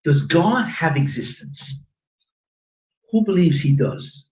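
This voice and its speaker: Animated rabbi lecturing a roomy class. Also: male voice, on the high side, takes it slowly. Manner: animated, questioning the audience, joking. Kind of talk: lively Torah class lecture. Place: classroom with live audience. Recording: roomy lo-fi recording from a distance.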